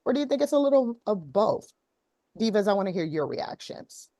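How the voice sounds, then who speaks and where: A woman's voice: mid-range voice, very animated, fairly quick, dark tone, no room sound, studio quality. A woman hosting a casual talk show, retelling a viral video with many ums. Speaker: host. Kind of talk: casual chat.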